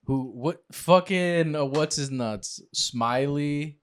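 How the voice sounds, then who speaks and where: A man's voice: a little high, takes it slowly. Profane laughing podcast guy. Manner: profane, laughing, trailing off mid-thought. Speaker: podcast co-host. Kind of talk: casual chat.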